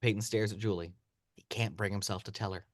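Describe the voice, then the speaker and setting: A man reading a screenplay's action lines aloud as narrator, in steady read-aloud narration. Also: fairly low pitch, brisk, no echo, clean studio sound. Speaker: narrator of stage directions.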